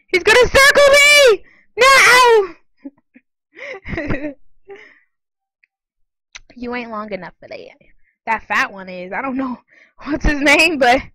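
A woman giving casual, excitable commentary while playing online games, often giggling and squealing. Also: a little high, dry recording, rough recording. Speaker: gaming channel host.

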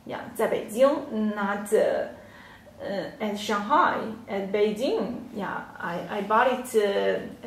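Slow, patient woman teaching Chinese. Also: medium pitch, far from the mic, a little hiss or hum. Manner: patient, repeats words, many fillers. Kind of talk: slow online language lesson. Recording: echoey room, off-mic.

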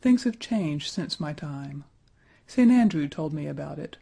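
A man's voice: fairly high pitch, lively intonation, measured pace, creaky, warm tone, breathy edge, full character voice. A man doing a drowsy old stone knight. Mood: sleepy. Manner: drowsy, easygoing, yawning. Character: sleepy old male stone saint-knight.

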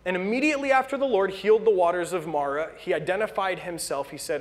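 A man's voice: high-pitched, quick pace, hardly any pauses. A young American man preaching a sermon in a casual storytelling way, acting out the people he quotes. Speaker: pastor.

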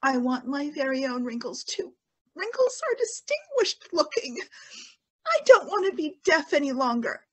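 A woman's voice: high voice, sing-song, moderate pace, a bit bright, rough recording. A woman playing a vain, deaf woman who laments her lot through tears, in an amateur stage reading. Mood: tearful. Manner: tearful, pleading lament. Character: vain, deaf, self-pitying woman, weeping.

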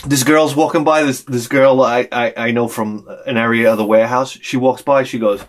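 A man's voice: medium pitch, normal speed, a little hiss or hum. A man hosting a casual unboxing vlog, rambling and exclaiming as he tells stories. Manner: rambling, animated storytelling with frequent exclamations. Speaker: YouTube collector vlogger.

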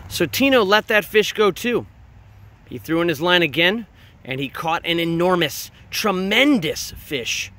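A man's voice: high-pitched, very animated, measured pace, fairly bright tone. A man reading a picture book aloud, drawing out the big words for dramatic emphasis. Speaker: reader. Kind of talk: storybook read-aloud.

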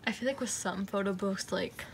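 A young woman in a casual unboxing chat, excited and gushing, often dropping to a whisper. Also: mid-range voice, moderate pace, background noise. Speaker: unboxing vlogger. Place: room at night, indoors.

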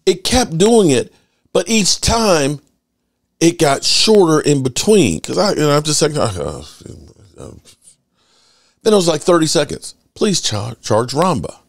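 A middle-aged man hosting his sports channel, chatting casually and rambling through stories with lively swearing. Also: on the high side, unhurried, pauses often, no room sound, studio quality. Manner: animated storyteller, swears freely. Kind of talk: casual rambling fan chat.

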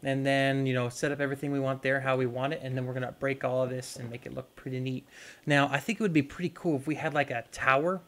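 Talking fast in a steady, medium-pitched voice, a young man rambles through casual let's-play commentary as a gaming YouTuber, speaking to his viewers while he plays.

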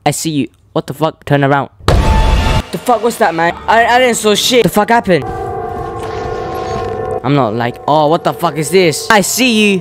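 A man, commentating a horror game playthrough, jittery and swearing, talking back to the characters. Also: high voice. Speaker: gaming channel host.

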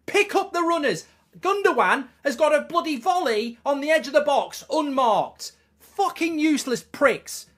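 A man's voice: extremely high pitch, animated, moderate pace, a bit bright. A man live-streaming a football match, ranting and swearing angrily at his team. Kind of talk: live match reaction commentary.

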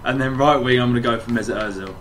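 A man's voice: mid-range voice, rapid-fire, fairly bright tone, slight background noise. A laid-back man hosting casual gaming commentary. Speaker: gaming YouTuber host.

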